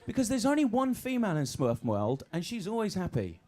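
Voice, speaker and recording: A man's voice: high-pitched, huge pitch swings, a little fast, darkish tone. A man interviewing guests in a playful, teasing way, firing off jokey questions. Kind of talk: playful press junket interview.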